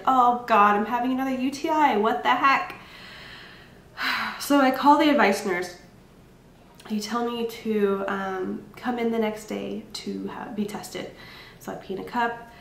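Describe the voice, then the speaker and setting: A woman's voice: a little high, a bit bright, roomy sound, a little hiss or hum. A tired young woman vlogging casually at home, chatty and candid, with frequent ums and laughs. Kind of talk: casual pregnancy vlog. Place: home room.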